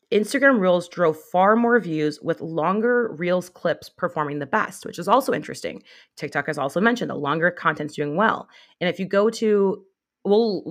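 A young woman co-hosts a podcast in a loose, chatty way. She strings her thoughts together with frequent "like" fillers and little quoted asides. Her voice sits a little low for a woman. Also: a bit bright. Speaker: podcast co-host. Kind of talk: casual chat.

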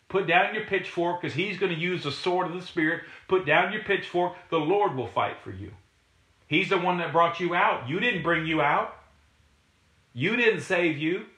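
A man preaching with a bright, forceful voice, pitched a little high for a man. He hammers points home by repeating them. The room around him rings with echo. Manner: emphatic, repetitive, rising to exhortation. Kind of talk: sermon. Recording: echoey room.

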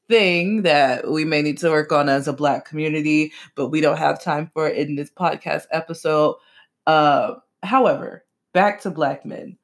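A young adult woman hosting a solo podcast, speaking bluntly and with emphasis in casual slangy talk, her pitch jumping high on key words. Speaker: podcast host.

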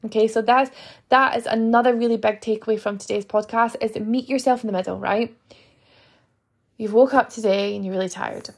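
A woman's voice: medium pitch, steady tone, a little fast, gravelly, long pauses. A young woman, a fitness coach hosting her own podcast, talking earnestly to listeners and acting out little inner voices. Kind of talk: motivational podcast monologue.

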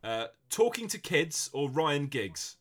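A young man, co-hosting a casual comedy chat with dry, deadpan quips. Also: a little high, slow. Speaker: podcast co-host.

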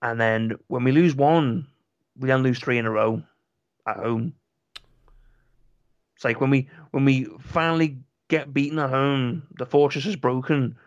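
A man co-hosting a casual football podcast, ranting with sarcasm and tripping over his first words. His voice sits at an average pitch and sounds a little dull and lo-fi, recorded dry with no room sound. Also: steady tone, unhurried, long pauses, no room sound. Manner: sarcastic, ranting, repeats words when starting. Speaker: podcast co-host. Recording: slightly dull lo-fi mic.

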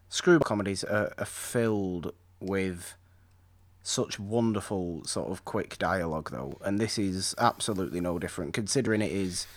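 Man, low voice, casual film chat, enthusiastic, rambling.

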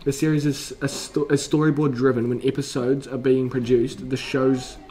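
A man co-hosting a casual podcast who jokes around, restarts his lines and stumbles while reading aloud, going from quiet mumbling to louder reading. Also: medium pitch, level tone, moderate pace, rough recording. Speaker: podcast co-host.

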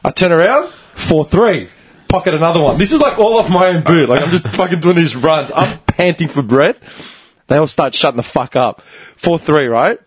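A man's voice: on the high side, lively intonation, moderate pace, slight background noise. A man, telling a profane, laugh-filled story in casual chat. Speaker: storyteller among friends.

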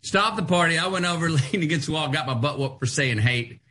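A man in his fifties telling animated childhood stories as a guest, acting out the voices of people in them. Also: fairly high pitch, brisk. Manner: animated, acts out voices in anecdotes. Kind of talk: casual interview storytelling.

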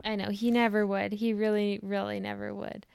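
Smooth-voiced young woman podcast host. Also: medium pitch, flat delivery, normal speed, darkish tone, dry recording, studio quality. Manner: chatty, many "like" fillers, laughs through story. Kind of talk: casual storytelling chat.

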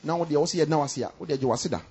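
A man preaching a sermon with passion, repeating phrases and swinging from loud bursts to quiet murmurs. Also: a little high, rapid-fire, breathy edge. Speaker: pastor.

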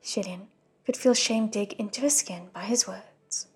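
A woman reading a novel aloud as an audiobook narrator, with a soft, hushed delivery. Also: medium pitch, measured pace, breathy edge. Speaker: audiobook reader. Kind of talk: scripted narration.

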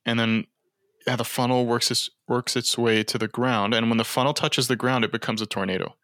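A man co-hosts a casual podcast chat and reads facts aloud with small stops and restarts. His tone is bright and forward. The sound is dry and close to the mic. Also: medium pitch, steady tone, brisk, no room sound. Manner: hesitant, reads notes aloud. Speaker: podcast co-host.

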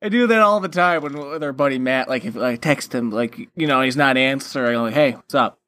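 A man chatting casually about a favorite film, swearing freely and acting out quotes with lively energy. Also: medium pitch, brisk. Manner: animated, swears freely, acts out movie quotes. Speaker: podcast co-host.

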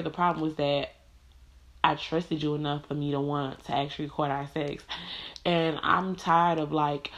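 A woman's voice: low voice, dull audio. A young woman telling a personal story to her audience in a frank, casual way, cursing freely and filling her talk with "like.". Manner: frank, profane, heavy use of "like" fillers.

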